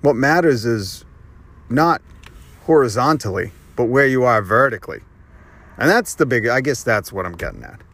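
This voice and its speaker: A man in the middle of a solo podcast rant, talking at an ordinary mid pitch. He rambles from point to point, sarcastic and full of swearing. It sounds like an unscripted monologue. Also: animated, normal speed, a bit bright. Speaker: podcast host. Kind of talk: ranting monologue.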